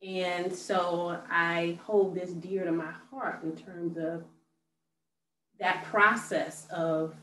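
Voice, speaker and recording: A woman hosting an interview, speaking slowly and affirming her guest with soft murmurs of agreement. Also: fairly low pitch, steady tone. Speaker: host. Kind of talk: supportive interview chat. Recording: roomy echo, distant mic, faint noise.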